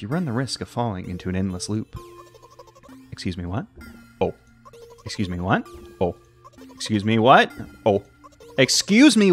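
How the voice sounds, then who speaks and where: A young man reading a text game aloud with playful commentary, jumping between squeaky high and low reading voices.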